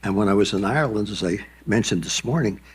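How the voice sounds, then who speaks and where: A man's voice: on the low side, quick pace, husky. A man in his nineties giving a rambling, anecdotal keynote speech on a conference stage. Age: 90s. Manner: rambling, anecdotal, with asides and restarts. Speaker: keynote speaker.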